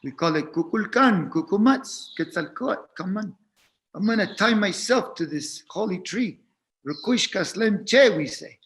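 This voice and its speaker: A man giving a reflective spiritual talk as a teacher, speaking gently and haltingly, often repeating words as he goes. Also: high voice, expressive.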